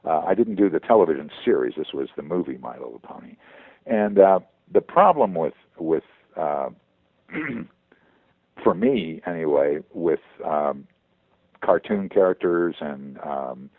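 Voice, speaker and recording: A veteran voice actor talking in a phone interview, halting and repeating words as he goes. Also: a bass voice, animated, no room sound. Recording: tinny phone line.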